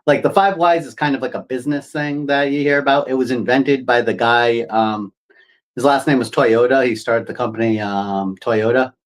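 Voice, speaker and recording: A man's voice: mid-range voice, steady tone, normal speed, poor audio. Casting: male podcast co-host, loose rambling delivery, everyday mid-range voice. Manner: rambling, many fillers, acts out quoted voices. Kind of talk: casual coaching chat.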